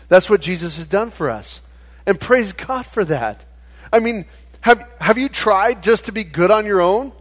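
Animated, higher-pitched male pastor preaching. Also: a little slow. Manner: conversational, animated preaching with stammered restarts. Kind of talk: sermon.

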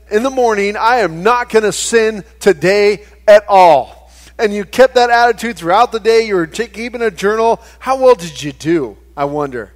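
A man in his thirties preaching a sermon as pastor, conversational and animated, with frequent stammered restarts. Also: sits high.

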